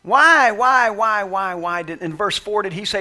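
A male pastor preaching an animated, conversational sermon who slips into acted-out quotes. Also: sits high, normal speed, hardly any pauses.

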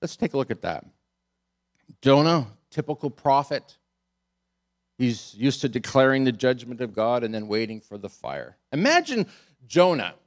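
Lively male pastor preaching with amusement. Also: mid-range voice, moderate pace, long pauses. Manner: animated, amused storytelling with frequent chuckles. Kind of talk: sermon.

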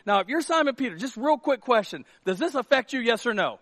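A middle-aged male pastor delivers a sermon in an animated, joking storyteller's manner. His voice sits fairly high for a man. The sound is dry and close, with little room around it. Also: fast talker, few pauses, dry recording. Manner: animated, jokey storytelling with acted asides.

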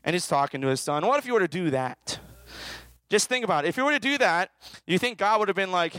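A children's minister with a high, smooth voice preaches a fast, lively, joking sermon, playfully and constantly prompting listeners to answer out loud. The audio is close and dry, with no room echo.

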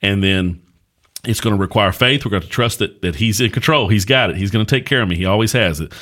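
Middle-aged pastor-host, deep voice, loose folksy storyteller, casual podcast talk. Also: male voice, quick pace, fairly bright tone.

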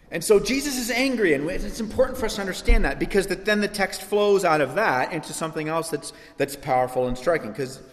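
A man preaching a lively, conversational sermon in a church sanctuary, his fairly high voice rising with emphasis. He breaks off into asides and restarts. The sound is roomy, with a long hall reverb trailing every phrase. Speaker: pastor.

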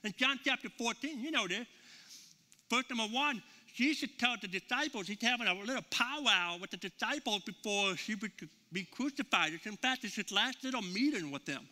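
A man's voice: sits high, animated, normal speed, bright, forceful tone, big-room sound. A middle-aged male pastor preaching to a congregation in a church, in a conversational storytelling way full of fillers and repeated words. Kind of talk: sermon. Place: church sanctuary with a live congregation.

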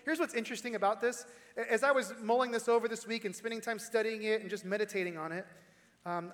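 A middle-aged pastor preaches a sermon in a church sanctuary. His voice sits high for a man, and a long hall reverb trails each phrase. He delivers it in an animated, storytelling way, with casual asides to the congregation.

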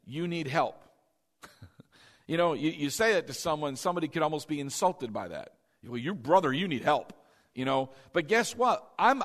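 A high-voiced male pastor delivers a sermon in a reverberant church hall before a congregation. He's emphatic, repeats key phrases, and puts questions to the congregation.

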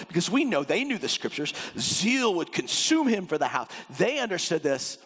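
A man's voice: on the high side, sing-song, moderate pace, a bit bright, breathy edge. A man preaching a sermon as pastor, acting out the voices in the passages he quotes. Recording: long hall reverb.

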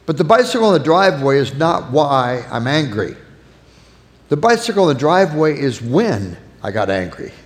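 A man's voice: fairly high pitch, sing-song, normal speed. Man preaching in a reverberant hall. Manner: earnest, illustrating with acted-out anecdotes. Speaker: pastor. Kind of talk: sermon.

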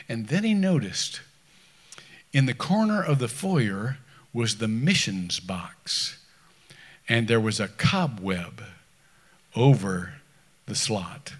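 A man preaching a sermon in a conversational way, stumbling over restarts and swinging between loud scripture reading and quiet asides. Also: medium pitch, breathy edge. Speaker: pastor.

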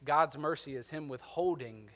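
A man's voice: a little high, moderate pace, fairly bright tone. A man in his thirties preaching a sermon, talking conversationally and checking in with the congregation. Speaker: pastor. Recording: long hall reverb.

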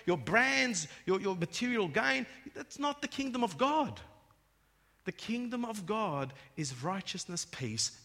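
A man preaching a sermon in church, emphatic and swelling to loud peaks, often restarting his words. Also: sits high, creaky. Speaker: pastor. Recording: long hall reverb.

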